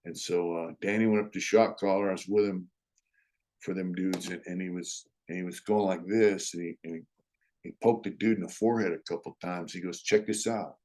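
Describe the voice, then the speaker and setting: Laid-back middle-aged man, slightly low voice. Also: steady tone, fairly quick, a little mellow. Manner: laid-back, full of "you know" and "uh", chuckles often; blunt street slang and cursing. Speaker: storyteller, former prisoner. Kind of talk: casual storytelling.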